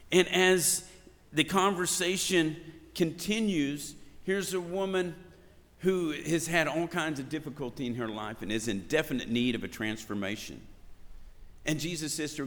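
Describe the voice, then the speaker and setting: A man preaching a sermon, telling Bible stories in an animated way and acting out the shouted lines. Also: a little high, normal speed. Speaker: pastor. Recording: long reverb of a hall.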